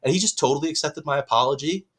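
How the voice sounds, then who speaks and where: A man's voice: on the high side, very fast, fairly bright tone. A young man co-hosting a podcast, telling a long rambling story in casual chat and swearing freely. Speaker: podcast co-host.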